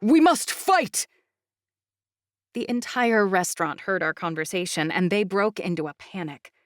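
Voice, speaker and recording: A woman narrating a fantasy audiobook in the first person, with steady storytelling. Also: on the low side, moderate pace, dry recording, studio quality.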